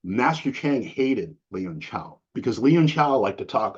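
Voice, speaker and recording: Husky middle-aged man telling a story. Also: moderate pace, few pauses. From Massachusetts. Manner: animated, acts out quoted voices with big pitch jumps. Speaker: interview guest. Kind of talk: casual storytelling. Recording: dull lo-fi sound.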